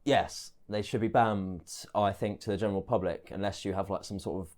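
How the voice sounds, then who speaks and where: A man's voice: fairly low pitch, fairly even intonation, fairly quick, darkish tone. A man from England hosting a casual podcast chat, laughing often and hesitating with many restarts. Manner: giggly, hesitant, lots of restarts. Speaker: podcast host.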